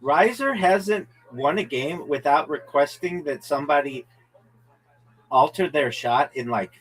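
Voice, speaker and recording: A man's voice: on the high side, lively intonation, unhurried, rough recording. A man hosting a casual game stream with friends, brash and profane, boasting to viewers like a mock announcer. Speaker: host. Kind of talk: casual chat while playing a game with friends.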